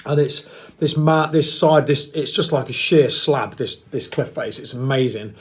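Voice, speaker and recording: A man's voice: medium pitch, normal speed. Blunt, rambling man. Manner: rambling, blunt and self-mocking, with playful put-on voices. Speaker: vlogger. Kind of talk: casual monologue to camera.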